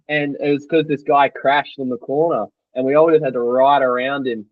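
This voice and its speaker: A young Australian man with an Australian accent, recounting his story as a guest in an interview, animated and tumbling along with lots of "like". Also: medium pitch, fast, muffled recording. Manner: animated, tumbling retelling full of "like". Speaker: guest athlete.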